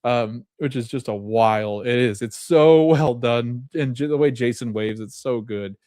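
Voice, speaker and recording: A man's voice: medium pitch, a little slow, darkish tone, no echo. Man recapping a TV episode in a dry recording. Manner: retells scenes with quoted dialogue, loose fillers. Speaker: podcast host.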